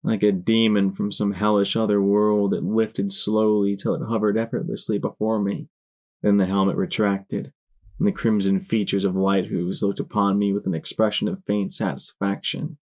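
A man reads a dramatic first-person story as an audiobook. His voice sits fairly low and his reading is measured and expressive. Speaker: audiobook narrator.

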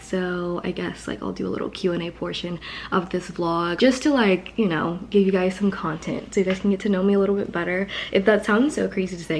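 A woman's voice: mid-range voice, a little hiss or hum. Chatty young woman vlogging. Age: young adult. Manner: chatty, lots of "like" and "you guys". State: out of breath. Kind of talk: casual vlog chat. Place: car and shops on a travel day.

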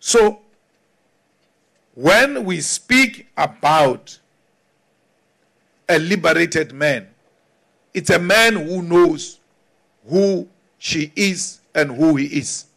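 Slow, high-voiced South African man orating. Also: lively intonation, gravelly, a bit bright. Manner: emphatic, repetitive, deliberate. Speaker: politician. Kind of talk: political speech to an audience.

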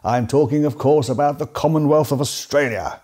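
A man's voice: fairly high pitch, normal speed, darkish tone. A man from England narrating a comedy piece in a dry, mock-serious, sarcastic way. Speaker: comedy host. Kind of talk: deadpan comic narration.

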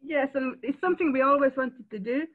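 Tearful older woman over a tinny call line. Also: high-pitched. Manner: halting, emotional, tearful. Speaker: foster carer. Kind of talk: sharing in a Q&A. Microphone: video call. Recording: tinny phone-like call audio.

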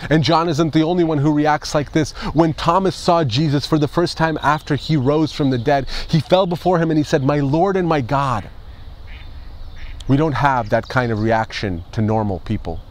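A man's voice: on the high side, fairly quick, few pauses. A male pastor delivering an Easter sermon, emphatic, with rhetorical questions and repeated phrases.

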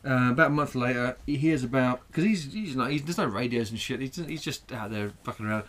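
Brisk and a bit bright, a mid-range male voice belongs to a comedy podcast co-host chatting crudely over drinks. He rambles, curses often and cracks himself up with his own jokes.

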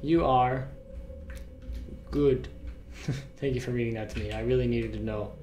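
A man plays through a horror game, reading the story out in his mid-pitched voice and joking between scares with sudden loud outbursts. His voice bounces around a roomy, echoey space, and faint game music plays underneath. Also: little pitch movement, fast talker. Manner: jokey, with loud startled outbursts. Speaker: gamer playing a horror game. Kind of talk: let's play commentary with read-aloud story text.

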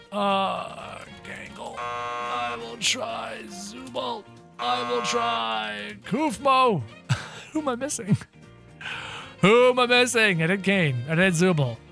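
A man hosting a gaming video, giving excited play-by-play commentary and talking straight to his viewers, often acting scared. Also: high voice, gravelly. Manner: excitable, talks to viewers as guys, mock-scared.

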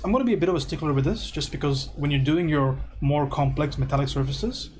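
A man teaching art on a livestream, going through student homework and giving relaxed, encouraging feedback. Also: mid-range voice, a little hiss or hum. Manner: relaxed and encouraging, thinks aloud with repeated praise.

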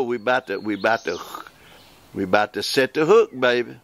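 Gravelly old preacher guy in his sixties, folksy drawl, reading scripture slow. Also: medium pitch, expressive. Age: 60s.

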